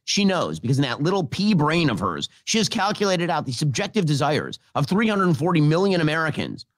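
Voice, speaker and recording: Rapid-fire sarcastic commentator, man. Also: a little high, sing-song, no echo. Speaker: political commentator. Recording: played clip.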